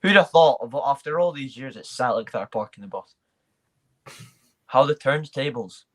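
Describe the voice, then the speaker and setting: A man's voice: mid-range voice, lively intonation, moderate pace. A man hosting a live football watchalong, chatting loosely with banter and restarts. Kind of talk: casual chat.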